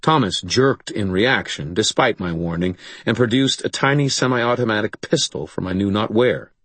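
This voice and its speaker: A man narrating a first-person audiobook in a dry, gruff, matter-of-fact way. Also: fairly low pitch, moderate pace, fairly bright tone, no room sound.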